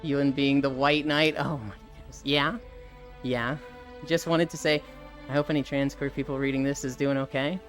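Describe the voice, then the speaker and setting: A woman's voice: very deep voice, moderate pace, soft background music. A woman hosting a live stream, chatting casually with a guest, swearing freely and greeting chat viewers as she goes. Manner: animated, swears freely, reads chat aloud. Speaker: streamer host.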